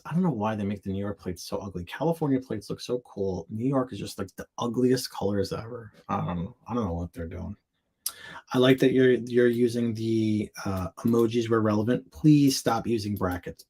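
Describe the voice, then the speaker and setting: A man with a husky, medium-pitched voice hosts a live show where he reads viewers' product listings aloud in fragments. His feedback is candid and chatty, with asides and jokes thrown in.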